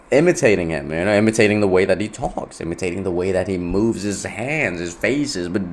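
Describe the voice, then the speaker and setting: A man's voice: deep voice, a little hiss or hum. A young man from Nepal telling a personal story in a rambling, casual way, full of "like" and "right?". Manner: rambling, repeats himself, many fillers like "right?" and "like".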